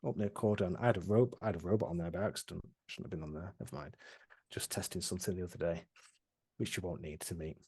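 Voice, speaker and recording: A man's voice: low-pitched, fairly even intonation, fast talker, dark tone, slightly rough. A man running a tabletop game, recapping past sessions in a rambling, casual way with many restarts. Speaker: game master.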